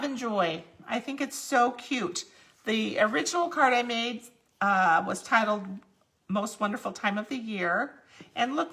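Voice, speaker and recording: A woman's voice: fairly high pitch, bright, forceful tone. A woman hosting a live crafting tutorial, chatting through each step as she works. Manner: chatty, explains each step while working. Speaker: crafting demonstrator.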